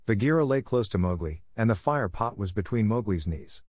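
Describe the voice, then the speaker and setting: A man with a fairly low voice reads a classic story aloud in a measured, even manner. The sound is close and dry, with no room around it. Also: dry recording. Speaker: narrator. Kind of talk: audiobook reading.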